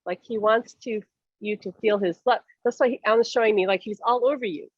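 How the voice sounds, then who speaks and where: Woman medium, lively and chatty, lo-fi dry recording. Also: medium pitch, brisk, no echo. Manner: animated, acts out voices, laughs often. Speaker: medium giving readings. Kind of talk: casual reading over a call.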